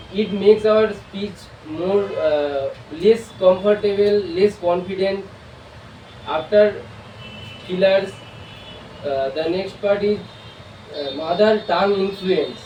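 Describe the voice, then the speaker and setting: A man's voice: high-pitched, mellow. A man from India with an Indian accent, giving a hesitant prepared presentation as a student, full of filler sounds and restarts. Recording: echoey room, far from mic, faint hiss.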